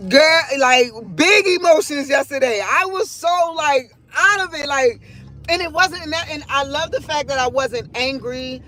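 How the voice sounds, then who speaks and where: The woman running this livestream speaks at a measured pace in a high, bright voice that sounds pushed. Her casual monologue about her feelings is candid, rambling, profane and emotionally open.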